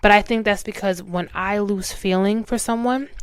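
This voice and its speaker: A woman's voice: medium pitch, steady tone, moderate pace, clear, resonant tone, no room sound. A young woman hosting a casual talk show, speaking candidly and chattily and laughing at herself. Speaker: podcast host. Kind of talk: casual chat.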